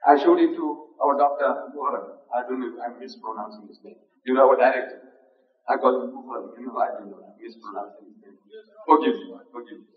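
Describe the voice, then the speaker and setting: A man's voice: mid-range voice, quick pace. A man giving an emphatic, repetitive religious lecture to an audience in a large hall. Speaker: Islamic lecturer. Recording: dull, echoey hall recording from far off.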